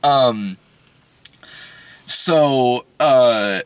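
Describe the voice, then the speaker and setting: A man casually reviewing a film in conversation, animated and often laughing. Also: medium pitch, very slow, clean tone, no echo.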